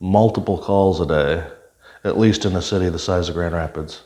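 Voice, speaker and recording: A man's voice: sits low, moderate pace, mellow, slight background noise. An older man, a retired police officer, telling stories from his career in a plain-spoken way, with many fillers and restarts. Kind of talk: conversational storytelling.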